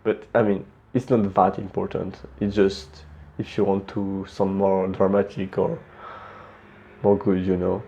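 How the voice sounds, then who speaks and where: Low-voiced man with a French accent. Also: measured pace, vocal fry, dull audio. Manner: relaxed and plain-spoken, frequent small restarts. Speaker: presenter giving speaking tips. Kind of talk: casual instructional talk.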